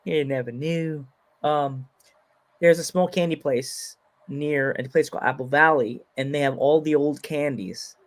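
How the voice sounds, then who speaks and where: An American man hosts a podcast in a relaxed, chatty way, with a voice that sits a little high for a man. He rambles, restarts his sentences and giggles often as he talks. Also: a little slow. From United States. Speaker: podcast host. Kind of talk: casual chat.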